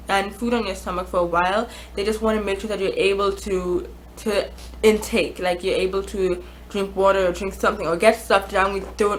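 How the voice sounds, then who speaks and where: A woman's voice: mid-range voice, slight background noise, poor audio. A woman vlogger telling a casual storytime, chatty, with many fillers and restarts.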